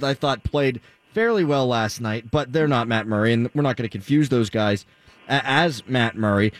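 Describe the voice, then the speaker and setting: Man, sports radio host, joking, plain-spoken, mid pitch, dry studio sound. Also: dry recording. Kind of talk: radio talk show hosting.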